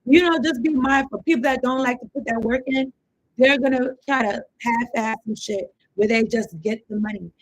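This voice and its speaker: A woman's voice: fairly high pitch, moderate pace, dry recording, low-quality recording. A woman giving a casual tarot reading. She rambles and thinks aloud in loose slang, with some swearing. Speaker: tarot card reader.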